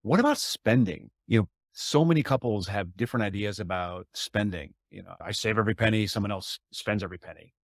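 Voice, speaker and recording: Lowish male podcast host. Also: brisk, gravelly, hardly any pauses, dry recording, clean studio sound. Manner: reflective, asks questions. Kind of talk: podcast interview talk.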